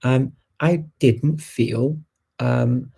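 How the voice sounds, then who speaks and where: A man's voice: mid-range voice, fairly even intonation, extremely slow, gravelly, warm tone, slightly rough. A middle-aged man hosting a language-learning show, answering viewer questions in a casual, conversational, emphatic way. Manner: conversational and emphatic, many restarts and laughs. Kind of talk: casual live Q&A chat.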